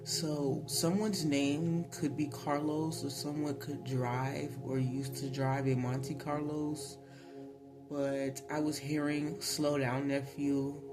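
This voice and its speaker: Slow, chatty man reading tarot. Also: medium pitch. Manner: chatty, laughs often, many fillers. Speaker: tarot reader. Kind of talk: casual spiritual reading to camera. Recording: voice over clear background music.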